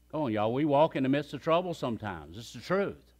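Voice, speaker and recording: A man's voice: mid-range voice, expressive, fast talker, few pauses, a little mellow. A man preaching a sermon as pastor, emphatic and calling on the congregation to repeat phrases after him.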